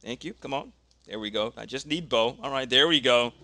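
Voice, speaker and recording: This game host has a mid-range voice and talks fairly quickly, with no room sound in the recording. He casually narrates a tabletop wrestling dice game, reading out each roll and calling the action with growing excitement as it unfolds.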